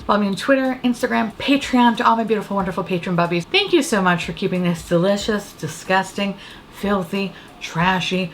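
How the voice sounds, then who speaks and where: A woman's voice: medium pitch, slight background noise. A woman with a New York accent reviewing beauty products in a casual, profane and sarcastic way. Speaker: beauty vlogger.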